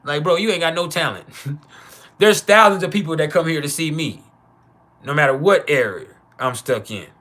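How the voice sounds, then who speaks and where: A man from Texas with a Texan accent, hosting an astrology livestream in loose, rambling casual talk that turns loud and heated. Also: on the high side, moderate pace.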